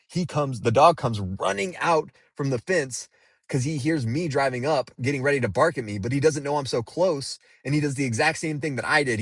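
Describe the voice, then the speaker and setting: A man's voice: medium pitch, no echo, studio quality. A man telling a story to the camera in a casual, rambling way, swearing freely and using lots of fillers. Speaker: delivery driver.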